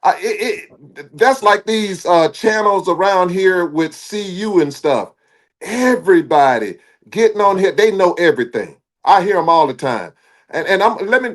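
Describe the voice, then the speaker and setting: Man, high-pitched voice, animated, preachy, joking, casual sports talk co-host.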